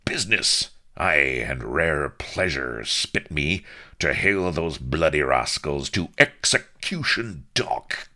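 A man's voice: rumbling low, animated, slow pace, pushed and bright, exaggerated voice. A man voicing a blustering, furious old naval admiral who bellows archaic oaths and curses. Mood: raging.

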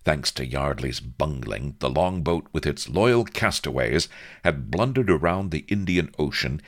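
Deep-voiced man narrating a comic tale. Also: unhurried. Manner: wry, comic storytelling with lively emphasis. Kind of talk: audiobook narration.

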